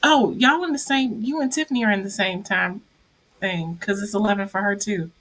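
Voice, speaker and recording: A woman's voice: mid-range voice, normal speed, a bit bright, rough recording. A woman co-hosting a writing stream, playful and exclamatory in casual chat.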